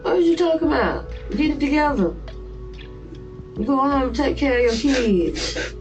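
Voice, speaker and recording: A woman's voice: sits high, animated, measured pace. A middle-aged woman speaking as the suspect's mother, firm and scolding, tearful, repeatedly checking that she is being heard. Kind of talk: urgent family talk in interrogation room. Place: police interrogation room. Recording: voice from far off the mic. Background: music.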